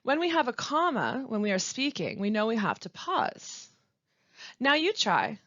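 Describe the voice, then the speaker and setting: A woman teaching pronunciation in a scripted webinar, speaking slowly and carefully with deliberate pauses. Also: fairly high pitch, sing-song, fairly bright tone, no room sound. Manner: slow, careful, deliberate delivery with clear pauses. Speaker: language support specialist. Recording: dry, dull lo-fi voice-over.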